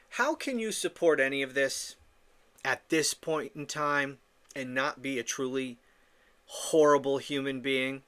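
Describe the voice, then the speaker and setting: A man's voice: mid-range voice, pushed and bright. A man hosting a political podcast, ranting in an indignant, profane monologue with stammering restarts. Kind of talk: opinion monologue.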